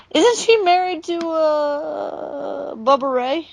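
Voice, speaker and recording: A woman's voice: mid-range voice, unhurried, a little hiss or hum. A woman co-hosting a podcast, recapping wrestling in a matter-of-fact, dry way with plenty of fillers. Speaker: podcast co-host. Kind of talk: casual wrestling chat.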